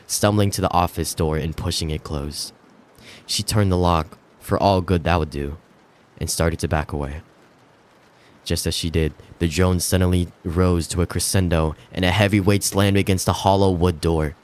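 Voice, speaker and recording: A man's voice: sits low, fairly even intonation, normal speed. A man streaming himself reading scary stories aloud, with the odd slip and self-correction.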